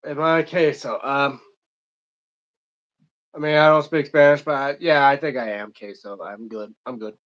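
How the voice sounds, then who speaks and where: Man from Michigan, live stream host, reads chat aloud, rambling and casual, slightly high voice, dull lo-fi audio. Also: steady tone, unhurried, long pauses, fairly bright tone.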